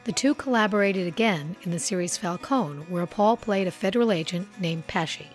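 A woman's voice: medium pitch, lively intonation, fairly quick, soft background music. Woman narrating a biography. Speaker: documentary narrator. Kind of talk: scripted narration.

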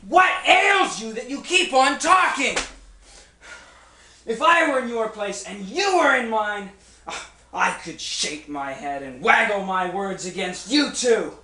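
Job, an afflicted man crying out in anguish, played by a man in a stage play. The voice is slow and bright, heard from far off in an echoey room with faint noise. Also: sits high, very animated, heavily acted. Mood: bitter.

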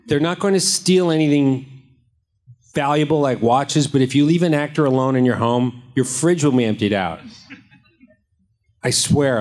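Actor in his fifties, fan panel Q&A, loose and jokey storyteller, mid-pitched voice. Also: a little mellow. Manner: joking, rambling anecdotes with comic voices. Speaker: actor answering fan questions. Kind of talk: casual convention panel Q&A. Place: convention panel room.

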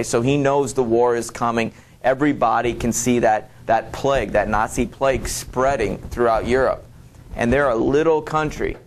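A man's voice: mid-range voice, slight background noise. A male teacher giving a classroom lecture, talking to students directly with many hesitations, fillers and restarts.

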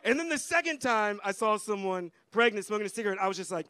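American male stand-up, young, very high and bright voice, loose chatty crowd work on a club stage. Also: very animated, moderate pace, slight background noise. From United States. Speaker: stand-up comedian. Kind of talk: stand-up comedy set.

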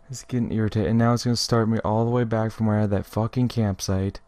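A man's voice: on the low side, fairly even intonation, quick pace, hardly any pauses, warm tone, dry recording. A young man commentating his gameplay, frustrated and swearing constantly over game music and hoofbeats. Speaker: let's play gamer. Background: game music and horse hooves.

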